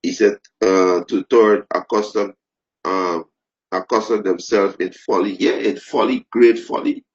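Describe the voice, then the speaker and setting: A man preaching fervently, repeating phrases, restarting sentences and rising into loud emphasis. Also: on the low side, fairly even intonation, measured pace. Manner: repetitive, stumbling restarts, rising to shouted emphasis. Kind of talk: impassioned preaching. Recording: dull lo-fi recording.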